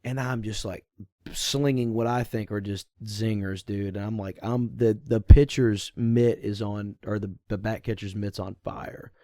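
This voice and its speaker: A man's voice: lowish voice, steady tone, unhurried, mellow, no room sound, studio quality. Laid-back young man rambling through stories. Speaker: podcast co-host. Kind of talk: casual storytelling chat.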